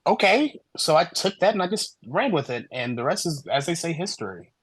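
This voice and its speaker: A man guest on a podcast interview, telling his story in an animated way and acting out the dialogue he quotes. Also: a little high, a little fast, breathy edge, no room sound, rough recording. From American Midwest. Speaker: guest, human design reader.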